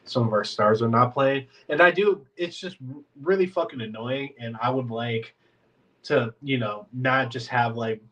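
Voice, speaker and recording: A man's voice: medium pitch, normal speed, fairly bright tone, distant mic, rough recording. A man hosting a casual sports podcast, congested and talking in a rambling, filler-heavy way like a frustrated fan. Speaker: podcast host.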